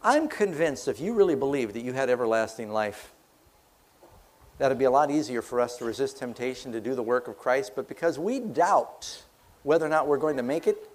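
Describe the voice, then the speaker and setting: A man's voice: medium pitch, a little mellow. A man preaching a sermon, retelling scripture as a dramatic story and putting questions to the congregation. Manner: conversational, asks the audience questions. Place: church platform before a congregation.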